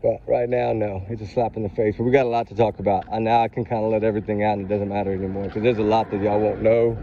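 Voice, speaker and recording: A man's voice: on the low side, little pitch movement, quick pace. A man, talking in an upset, preachy way as he vlogs outdoors on his phone. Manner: upset, preachy, Southern-style y'all talk. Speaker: true crime vlogger. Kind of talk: emotional casual vlog talk. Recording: dull lo-fi phone audio with faint street noise.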